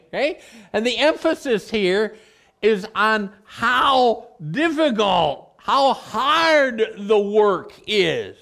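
Middle-aged male pastor, deliberate pace, relaxed teaching sermon with homely anecdotes. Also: high-pitched, vocal fry. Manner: conversational, explains word meanings with everyday stories.

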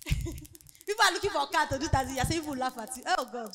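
High bright-voiced woman preaching. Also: expressive, fast talker. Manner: emphatic preaching, acts out quoted voices. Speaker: speaker at a women's conference. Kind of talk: motivational sermon.

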